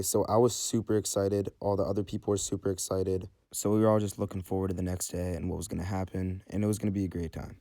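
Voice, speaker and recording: Fast-talking flat-voiced young man. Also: low voice, no echo, clean studio sound. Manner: rambling, swears freely, lots of "like" and "you know". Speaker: storyteller. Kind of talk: casual storytime vlog.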